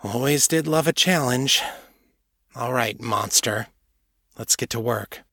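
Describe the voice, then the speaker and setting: A man's voice: mid-range voice, slow, gravelly, sharp tone, no room sound, exaggerated voice. A man voicing a tough young woman warrior who talks bluntly and sardonically. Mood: wry.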